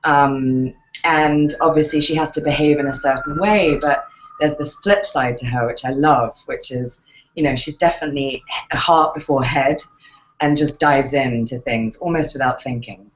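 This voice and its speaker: An English woman talks through interview questions in a relaxed, reflective way. She pauses often and restarts her sentences as she thinks. The sound is a little muffled and lo-fi. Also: very deep voice, a little hiss or hum. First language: English accent in real speech. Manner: thoughtful, hesitant, many fillers and restarts. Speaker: actress interviewed as guest.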